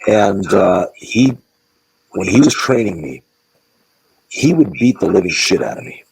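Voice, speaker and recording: A man with a very low voice full of gravelly fry tells stories bluntly and emphatically, swearing freely. He speaks as a guest in a wrestling interview and often restarts his sentences. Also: animated, a little slow, a little mellow, low-quality recording. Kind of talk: candid interview storytelling.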